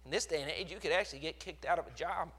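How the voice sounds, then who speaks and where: A man's voice: fairly high pitch, rapid-fire, fairly bright tone, breathy edge. A man with a Texas accent preaching a sermon, with emphatic surges in volume. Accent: Texan.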